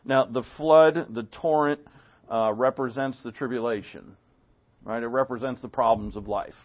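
A man teaching a Bible class verse by verse, conversational, with rhetorical questions and animated quoting. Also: mid-range voice, moderate pace, muffled recording.

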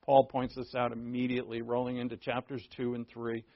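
Animated New pastor, lo-fi sermon. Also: male voice, fairly quick. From New England. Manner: animated and joking, with big pitch swings. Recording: dull lo-fi sermon recording.

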